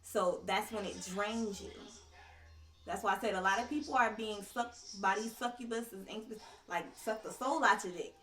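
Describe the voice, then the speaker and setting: A woman's voice: mid-range voice, normal speed, a bit bright, far from the mic. A woman speaking as a podcast guest on tantric sex, explaining with conviction and loose slang in casual conversation. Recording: roomy, a little off-mic.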